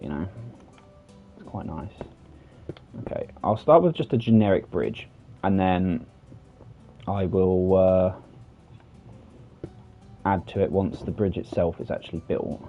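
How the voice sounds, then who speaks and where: Deep-voiced British man chatting while gaming. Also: a little slow, pauses often, phone-quality sound, faint music behind. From United Kingdom. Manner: chatty, self-deprecating, rambling with frequent fillers. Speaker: streamer. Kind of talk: casual gameplay commentary. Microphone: desk microphone for streaming.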